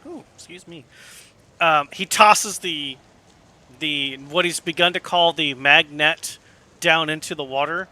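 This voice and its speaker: A man running a tabletop game with a bright, slightly high voice. He narrates slowly and loosely, dropping fillers and curses as he goes. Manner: loose, casual, with many fillers and swearing. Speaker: game master.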